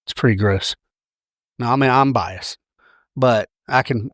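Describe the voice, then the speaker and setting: A man's voice: lowish voice, a little slow, gravelly, pauses often, a bit bright, dry recording, studio quality. A man with a Southern accent hosting a podcast, talking through ideas in a chatty, wry way and often correcting himself mid-sentence. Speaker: podcast host. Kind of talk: casual monologue.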